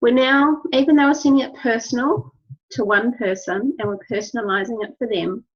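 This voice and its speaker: A woman giving an instructional talk to her team, earnest and encouraging, repeating key phrases. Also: medium pitch. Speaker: wellness business trainer. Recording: dull lo-fi recording.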